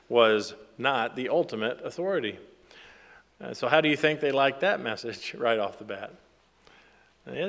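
Guy preaching a bible study sermon, reads verses up loud then explains, long echo like a big hall. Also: medium pitch. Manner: reads scripture aloud with rising emphasis, then explains plainly. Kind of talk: expository Bible teaching.

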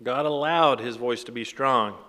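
A man's voice: medium pitch, a little slow, bright, forceful tone, big-room sound. A man teaching a sermon from the Bible, reading scripture aloud with rising emphasis and then explaining it plainly. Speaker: preacher.

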